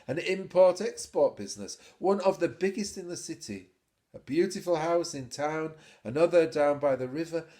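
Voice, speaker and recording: A man narrating a story in a measured, expressive storytelling way. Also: a little high. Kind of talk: scripted narration.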